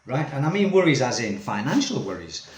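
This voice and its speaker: A man's voice: medium pitch, big pitch swings, fairly quick, slight background noise. A man vlogging as an expat, ranting casually to camera in a rambling, exasperated way full of tag questions. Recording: echoey room.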